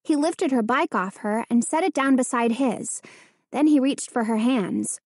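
A woman narrating a children's horror storybook in a measured, suspenseful reading. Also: high voice, darkish tone, slightly rough, no room sound, clean studio sound. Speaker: audiobook narrator.

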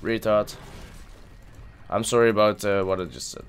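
A man's voice: on the low side, normal speed, clear, resonant tone. A man giving live gameplay commentary, frustrated and swearing at the game as he plays. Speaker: gameplay video creator.

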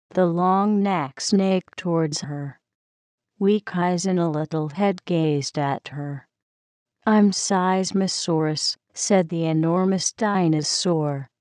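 A woman reads a children's story aloud at a very slow, gentle pace. Her voice is smooth and clear, a little low for a woman, and recorded dry and close with no room sound. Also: no room sound.

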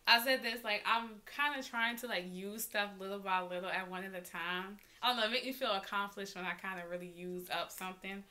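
Woman vlogger, bright lively tone, casual chatty haul delivery, talks right to camera, easily excited. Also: mid-range voice, a little fast, hardly any pauses. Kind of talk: casual unboxing haul vlog.

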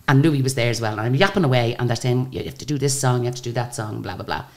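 An Irish woman with a very deep voice telling lively anecdotes in a casual interview. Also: racing. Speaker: singer and guest.

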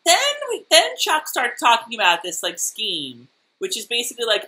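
Playful female co-host with a lively, bright delivery. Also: fairly high pitch, normal speed. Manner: playful, animated, laughs often. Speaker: co-host of a fan recap show. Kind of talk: casual chat.

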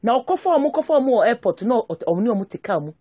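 Animated Ghanaian woman ranting on politics. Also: on the high side, fast talker, husky, no echo. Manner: animated, mixing English with Twi, repetitive. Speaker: show host. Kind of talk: political commentary rant.

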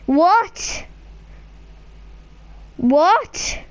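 Drawing out her words, a woman narrates her video game play in a chatty, excitable way, now and then bursting into sudden high squeals.

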